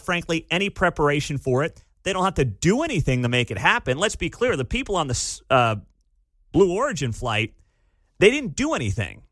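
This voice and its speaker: A man's voice: on the high side, a bit bright, dry recording, clean studio sound. A man hosting talk radio, ranting sarcastically and mocking a clip he plays. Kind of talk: opinionated talk radio commentary.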